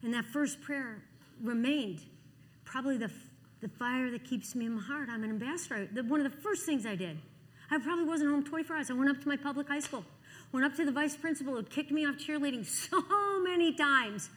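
A woman in her sixties preaches her testimony with a bright, fairly high voice, switching into the voices of the people in her story. Her words ring out with a long hall echo behind them. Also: brisk. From Cleveland. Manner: animated storytelling, acting out dialogue. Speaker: Christian speaker. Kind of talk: testimony sermon.

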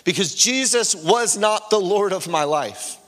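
High-voiced man preaching in a reverberant hall. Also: lively intonation, measured pace, fairly bright tone. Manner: impassioned, earnest preaching. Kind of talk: sermon with personal testimony. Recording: long reverb of a large hall.

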